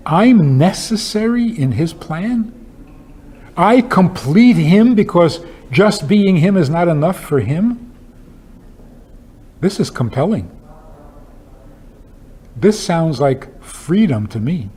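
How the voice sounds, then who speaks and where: A man's voice: high voice, big pitch swings, slow pace, pauses often, darkish tone, breathy edge. A man, a rabbi, giving a talk with humorous stories and pointed rhetorical questions in an emphatic, wry manner. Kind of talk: lecture with humorous storytelling.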